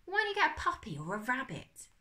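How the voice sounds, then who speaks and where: A woman's voice: sits high, huge pitch swings, quick pace, bright, forceful tone, pitched above the performer's own voice, full character voice. A woman voicing a hearty fussy old uncle. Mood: jovial. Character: fussy cheerful older uncle, a collector.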